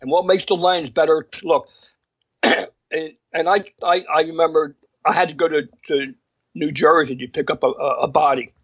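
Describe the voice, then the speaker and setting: A man's voice: a little high, steady tone, moderate pace, breathy edge, muffled recording. A man co-hosting a casual chat, talking emphatically and opinionatedly in bursts, with frequent restarts. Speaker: magazine co-host discussing photographers.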